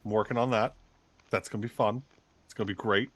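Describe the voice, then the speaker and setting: A man chatting casually as a regular cast member of a tabletop game show, excitable and quick to laugh. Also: lowish voice, no echo. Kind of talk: casual chat.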